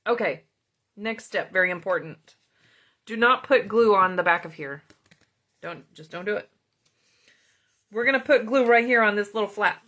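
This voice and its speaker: A woman's voice: mid-range voice, normal speed, long pauses, sharp tone. A middle-aged woman hosting a card-making tutorial, chatting casually with viewers and greeting commenters by name as she works. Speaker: card-making video host.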